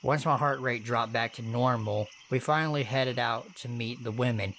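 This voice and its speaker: A man narrating true horror stories in first person, with steady, earnest delivery and casual swearing. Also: medium pitch, normal speed, slight background noise.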